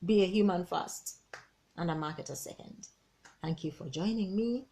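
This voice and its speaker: A woman, a business coach giving an energetic, persuasive team training talk and repeating key words. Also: lowish voice, normal speed, vocal fry, slight background noise.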